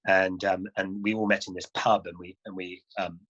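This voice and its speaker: Low-voiced man telling a lively anecdote. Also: moderate pace, highs cut off. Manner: animated raconteur with many restarts and chuckles. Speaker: interview guest. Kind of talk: casual anecdotal storytelling.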